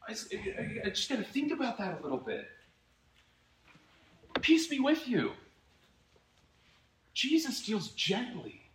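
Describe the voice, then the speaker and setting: A man preaching a sermon as pastor, earnest and reflective, swinging from emphatic peaks to quiet asides. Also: a little high, a little hiss or hum. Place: church.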